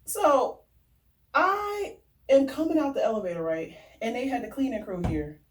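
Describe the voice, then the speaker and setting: Animated woman with lively pitch, a bit off-mic. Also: normal speed, far from the mic. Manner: animated, swearing, slangy. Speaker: vlogger. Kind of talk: casual storytelling rant.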